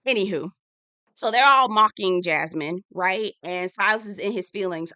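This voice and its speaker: Young woman, sassy TV recap, bright edgy tone, dry close sound. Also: medium pitch, moderate pace, no room sound. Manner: sassy, animated, acts out quoted lines. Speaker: TV recap reviewer. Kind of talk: casual reality TV recap commentary.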